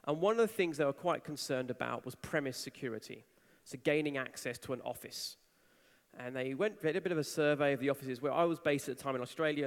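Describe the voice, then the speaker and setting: A man giving a conference talk, telling a story with animation and acting out the people he quotes. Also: mid-range voice. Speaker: conference speaker. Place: large conference hall. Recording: reverberant hall.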